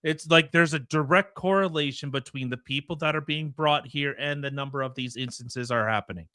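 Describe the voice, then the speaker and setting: A man's voice: on the high side, a little fast, pushed and bright, dry recording, clean studio sound. A man hosting a podcast, giving indignant, heated commentary with stammering restarts. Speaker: podcast host. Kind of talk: opinionated commentary.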